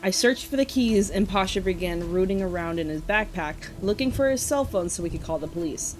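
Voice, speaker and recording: A woman's voice: mid-range voice, expressive, brisk, a little hiss or hum, poor audio. A woman co-hosting a podcast, reading a spooky campfire story aloud in a casual way and often breaking into giggles.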